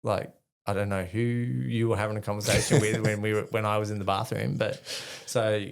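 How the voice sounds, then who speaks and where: Gravelly and fairly low, this middle-aged Australian man's voice shows little pitch movement and runs fairly quick. As an army veteran guest, he casually spins rambling, profane tales of his past in an interview, laughing at his own expense.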